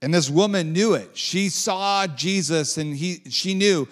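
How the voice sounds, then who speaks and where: A man's voice: sits high, a little slow. A man preaching a sermon in a conversational way, with lilting, sing-song emphasis and casual asides.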